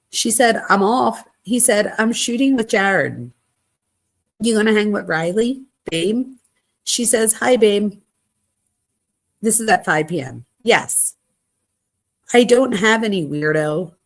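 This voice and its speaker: Woman casually reading text messages. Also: medium pitch. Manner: conversational, reads quoted texts in a plain voice with quick asides. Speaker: true crime channel host.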